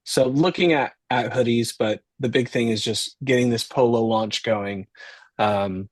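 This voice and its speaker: Easygoing male founder, podcast guest, mid-pitched, thinks aloud, dry sound. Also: measured pace, no echo. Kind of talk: casual interview chat.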